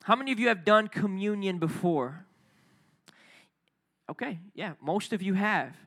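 A young adult man preaching a sermon, energetic and playful, calling out to the congregation. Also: high voice, unhurried, vocal fry, husky. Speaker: pastor.

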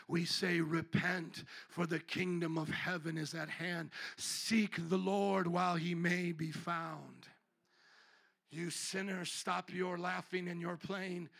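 A male pastor preaching a sermon in a church, theatrical and fiery, swinging between loud calls and quiet asides. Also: on the high side, vocal fry. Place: church sanctuary.

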